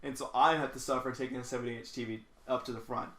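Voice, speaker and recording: A man's voice: mid-range voice, little pitch movement, quick pace, fairly bright tone. A man hosting a late-night podcast, telling stories casually with lots of swearing and stammering restarts. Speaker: podcast host. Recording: echoey room.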